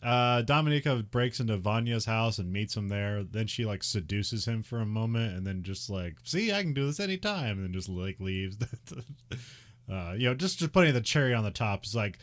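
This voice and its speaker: A man's voice: fairly low pitch, normal speed. A man casually recapping a movie on a podcast, laughing often and slipping into mock voices for the characters. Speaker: podcast co-host.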